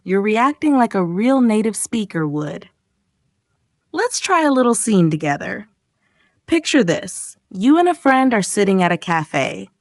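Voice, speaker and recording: A woman's voice: medium pitch, a little slow, no echo, clean studio sound. A woman narrating a scripted English lesson, acting out sample reactions as she goes. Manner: lively, acts out example reactions. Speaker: English teacher.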